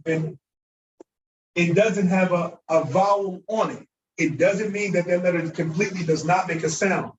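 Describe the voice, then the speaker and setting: A man teaching a class, high in pitch and animated, acting out mistakes and drilling words aloud. He sounds set back from the microphone in a roomy, echoing space, with faint room ambience behind him. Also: dull audio, a little hiss or hum. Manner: animated, acts out mispronunciations, repeats words for drilling. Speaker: Arabic teacher. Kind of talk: classroom lecture. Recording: echoey room, voice from far off.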